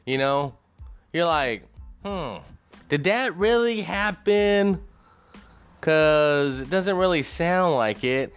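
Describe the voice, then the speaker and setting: A man talks alone on his own show in a loose, rambling rant, swearing freely as he drifts off topic. His pitch jumps up and down a lot, and faint music plays behind him. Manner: rambling, profane, animated. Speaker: show host. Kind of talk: casual solo commentary.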